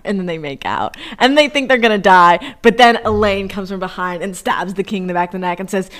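A young woman co-hosting a podcast, gushing as she retells book scenes in casual chat, swinging from hushed to loud, with lots of fillers. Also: mid-range voice, a little fast, hardly any pauses. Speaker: podcast co-host.

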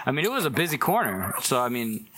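A young adult man, a comedian guest on a casual podcast, telling stories in a quick, relaxed way. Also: medium pitch.

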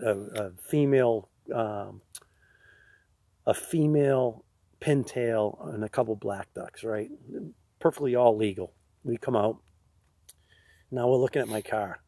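A man's voice: medium pitch, warm tone, slightly rough, no room sound. A man, co-hosting a podcast, telling rambling stories and laughing at his own jokes. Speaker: podcast co-host. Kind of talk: casual storytelling chat.

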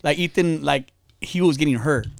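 A man's voice: on the high side, gravelly, dry recording, studio quality. A man in his thirties, a podcast co-host, telling stories about his son in heated, profane casual chat. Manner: fast-talking, profane, heated.

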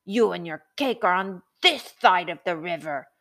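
Woman reading a wild-haired, greedy bridge troll; gruff and demanding. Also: fairly low pitch, expressive, normal speed, fairly bright tone.

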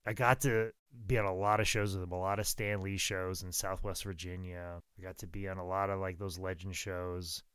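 A man in his thirties tells wrestling road stories in a loose, rambling way, cursing freely. His voice sits a little low and sounds smooth. The sound is dry and close. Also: normal speed, few pauses, no echo. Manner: rambling, profane, animated. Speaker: pro wrestler telling stories. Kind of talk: casual storytelling.

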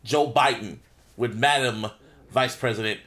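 A man's voice: mid-range voice, measured pace, a bit bright. A man co-hosting a casual podcast, talking loosely with plenty of swearing and hype. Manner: loose, profane, hyped. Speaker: podcast co-host.

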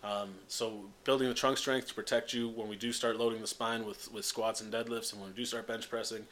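A middle-aged Canadian man with a somewhat low voice talks training on a podcast, unhurried and profane. He jokes easily between points. A faint hiss sits behind him. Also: little pitch movement, fairly bright tone. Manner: laid-back, profane, jokey. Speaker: strength coach, podcast host. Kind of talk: casual podcast chat.

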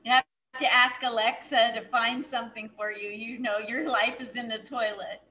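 A woman's voice: a little high, steady tone, normal speed, noisy background. A woman hosting a podcast, chiming in briefly and laughing along with her guest. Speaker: podcast host. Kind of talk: casual interview chat.

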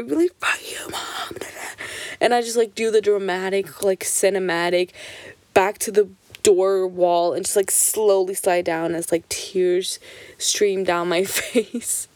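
A woman's voice: mid-range voice, no room sound. Young woman telling stories, swearing. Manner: swears freely, heavy on "like" fillers; animated, jumps between quick and drawn-out phrases. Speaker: vlogger. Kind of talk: casual storytelling.

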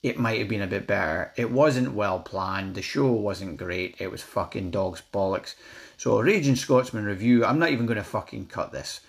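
An angry Scottish man tears into a comedy special, swearing constantly and ranting with animated, rising bursts. His voice sits fairly low for a man. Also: normal speed, creaky, few pauses. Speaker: vlogger reviewing a comedy special. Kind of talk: ranting review.

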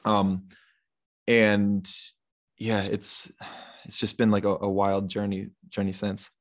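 A young man with a fairly low voice, chatting as a guest on a podcast. He tells his story loosely, with plenty of likes and ums, and acts out what people said to him. His tone stays easygoing and conversational. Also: slow. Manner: relaxed, rambling, many fillers and retold quotes. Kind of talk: casual storytelling in an interview.

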